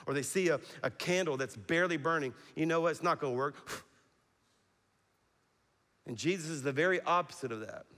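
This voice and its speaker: A middle-aged male pastor preaches with an animated delivery, pulling the congregation into call-and-response. His voice sits a little high for a man, and it carries through the long reverb of a large church hall. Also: fairly quick, long pauses. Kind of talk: sermon.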